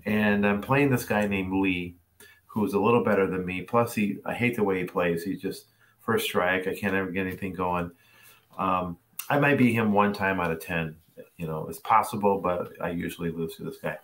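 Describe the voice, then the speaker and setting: A middle-aged man with a fairly low voice, speaking as a tennis coach leading a masterclass over a video call. He tells stories in a lively way and acts out the voices of the people he quotes. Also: moderate pace. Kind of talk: storytelling masterclass talk.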